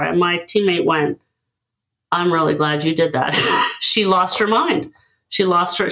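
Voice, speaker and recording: Animated woman telling stories. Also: on the low side, lo-fi sound. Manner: animated, acts out dialogue in her stories. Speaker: guest, listening expert. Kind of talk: conversational storytelling.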